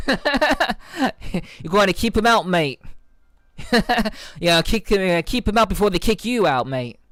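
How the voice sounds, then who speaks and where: A woman's voice: medium pitch, lively intonation, slow pace, long pauses, a bit bright, no room sound, studio quality. A woman voicing a joking Australian-style bloke with a loose, exaggerated put-on Australian accent. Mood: playful.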